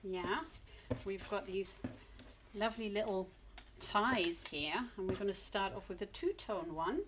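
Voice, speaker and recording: A woman's voice: medium pitch, expressive, measured pace, background noise. A woman from England coaxing her cat into posing for photos, cooing and encouraging it along. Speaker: pet owner filming her cat. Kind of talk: coaxing talk to a pet.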